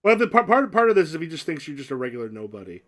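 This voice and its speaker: A man running a tabletop game as game master, narrating with halting starts and repeated words. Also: on the high side, very animated, fairly bright tone.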